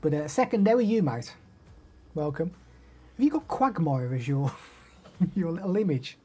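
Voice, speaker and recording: A man's voice: on the high side, expressive, moderate pace, mellow, husky. A young man with an English Midlands accent, chatting casually on a live stream, reading out viewer names and answering them. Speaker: live streamer demoing microphones.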